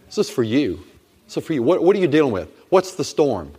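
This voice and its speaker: A man's voice: mid-range voice, sing-song, brisk, warm tone, breathy edge. A middle-aged man preaching a sermon as pastor, emphatic and repetitive, exhorting his congregation. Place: church sanctuary. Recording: long reverb of a church hall.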